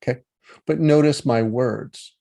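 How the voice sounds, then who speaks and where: A man teaching about healing in a relaxed, conversational way, acting out inner voices with changing tones and checking in with the listener. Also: mid-range voice, unhurried. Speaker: meditation teacher. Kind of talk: talk on healing.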